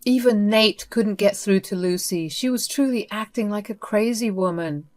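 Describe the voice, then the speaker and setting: A woman narrating a first-person story in an even, steady reading voice. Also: mid-range voice, moderate pace.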